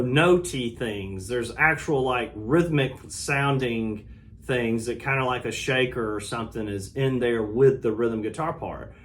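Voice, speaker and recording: A middle-aged man giving a relaxed, casual guitar lesson, explaining strumming and sometimes scatting the rhythm. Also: mid-range voice. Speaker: guitar teacher. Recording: loud guitar under the voice. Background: acoustic guitar playing.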